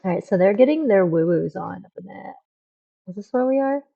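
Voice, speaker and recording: A woman's voice: medium pitch, expressive, brisk, creaky, phone-quality sound. A young woman streaming a game, chatting casually and rambling with lots of fillers. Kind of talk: casual gameplay commentary.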